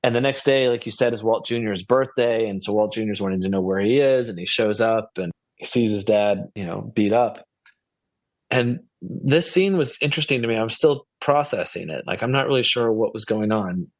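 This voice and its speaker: A man's voice: lowish voice, moderate pace, no echo. Guy rambling through a tv recap, casual podcast chat, dry close sound. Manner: musing, rambling, asks questions. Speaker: podcast co-host.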